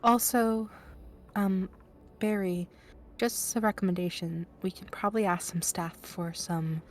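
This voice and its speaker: A woman playing a tabletop game who makes quiet, playful, half-whispered asides. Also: medium pitch, steady tone, measured pace, a little hiss or hum. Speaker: player.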